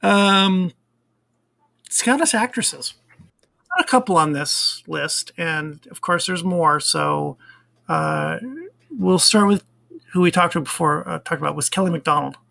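A man's voice: fairly high pitch, unhurried, vocal fry, pushed and bright. A man co-hosting a casual chat show, reading out fun facts with lots of fillers. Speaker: podcast co-host.

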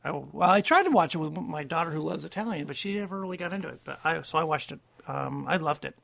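A man co-hosting a podcast, chatting casually in a reflective way, often pausing to search for words. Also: fairly high pitch, lively intonation, creaky, fairly bright tone. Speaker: podcast co-host. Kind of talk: casual chat.

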